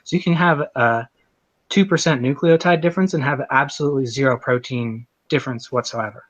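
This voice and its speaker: A man's voice: mid-range voice, brisk, fairly bright tone, no echo, dull audio. A man in a debate, explaining in technical detail.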